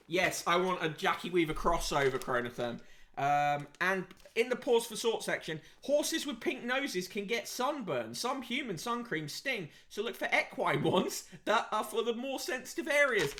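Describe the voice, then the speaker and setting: Male podcast host, high bright voice, dry sarcastic reader-commentator. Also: animated, moderate pace, slight background noise. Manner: wry, sarcastic asides between readings. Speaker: podcast host reviewing print media. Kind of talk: casual read-aloud commentary.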